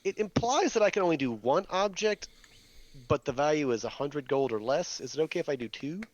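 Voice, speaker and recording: A man's voice: a little high, expressive, brisk, lo-fi sound. A man playing a tabletop game, earnestly and methodically asking the game master about rules. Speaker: player. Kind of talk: casual tabletop play.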